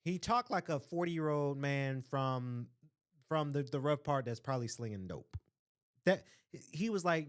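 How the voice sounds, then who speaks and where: A man's voice: medium pitch, lively intonation, normal speed. A man hosting a casual solo podcast, speaking earnestly and with strong opinions, repeating phrases for stress and often asking "right?". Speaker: podcast host.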